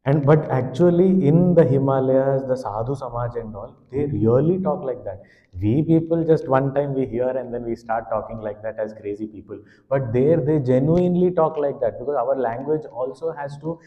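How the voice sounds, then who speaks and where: A man teaches scripture as a swami, sprinkling in Sanskrit terms and pressing his points with animated emphasis. His voice sits at a middle pitch. The sound is dull and carries a long, roomy hall echo. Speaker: swami giving a scripture talk. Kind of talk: spiritual discourse.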